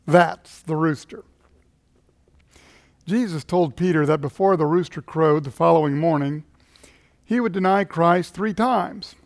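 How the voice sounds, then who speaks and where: A man's voice: a little high, a little slow, pauses often. A male pastor telling a story in a sermon, chuckling at his own tale.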